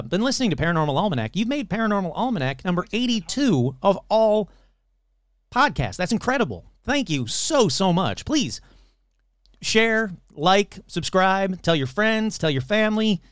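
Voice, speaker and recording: Male podcast host, sarcastic, swears, very lively pitch, dry close sound. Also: no room sound. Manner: sarcastic, puts on mocking voices; swears casually. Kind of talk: casual chat.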